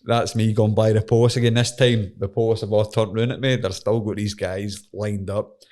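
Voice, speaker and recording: A man's voice: on the low side, flat delivery, normal speed, a little mellow. A young Scottish man, an MMA fighter, telling a story in casual, sweary conversation and laughing as he goes. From Scotland.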